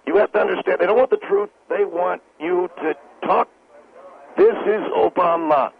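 A brash man phones into a talk radio show, sneering at callers and the host alike. His voice is slightly high and gravelly. It comes through a tinny phone line with faint hiss. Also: fairly even intonation, a little fast. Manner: brash, condescending and insulting. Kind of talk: call-in talk radio banter.

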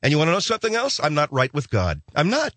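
Rambling comic radio host, dry mic. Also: male voice, a little high, fast talker, no echo. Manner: rambling, animated, slips into mock voices. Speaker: radio talk show host. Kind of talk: comedic radio monologue.

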